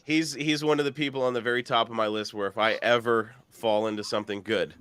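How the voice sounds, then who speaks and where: A man's voice: mid-range voice, steady tone, fast, a bit bright, smooth. A man hosting a casual livestream chat, joking and laughing often. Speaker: livestream host.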